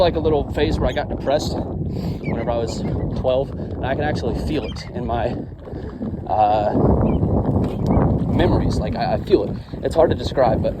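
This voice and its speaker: A young man vlogging outdoors while he walks by water, telling his life story in a frustrated, venting, swearing way. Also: medium pitch. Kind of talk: personal story vlog while hiking. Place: outdoors by water, walking a trail. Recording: outdoor recording with loud wind and water noise.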